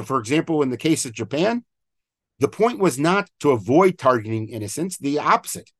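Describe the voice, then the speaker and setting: Middle-aged rabbi guy teaching a class over a video call, slightly high voice, dry close sound, lots of uh's. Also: no room sound. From Israel. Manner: explanatory, with frequent "uh" fillers and quoted readings. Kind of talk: online lecture, reading and explaining texts. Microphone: video call microphone.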